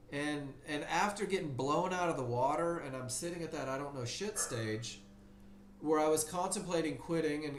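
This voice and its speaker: A trading class instructor teaches a live webinar over a computer mic in a live stream, candidly telling his own story with animated flair and acting out mock voices in his head. His voice is a little high, the sound roomy with a bit of hiss or hum.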